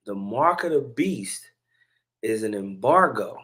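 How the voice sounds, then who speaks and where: A man's voice: fairly low pitch, animated, takes it slowly, sharp tone, slightly rough. A man hosting a religious commentary video, talking in a laid-back, slangy way with laughing asides. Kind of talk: casual commentary.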